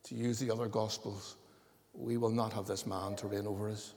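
Man, pastor, gravelly voice, emphatic sermon, long hall reverb. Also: on the low side, flat delivery, moderate pace, a little mellow, a little hiss or hum. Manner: emphatic, preaching with rising force.

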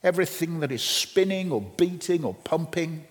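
A middle-aged man preaching a sermon, swinging between loud emphasis and quiet storytelling, often repeating his first words. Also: fairly high pitch, animated, moderate pace. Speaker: pastor. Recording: reverberant hall.

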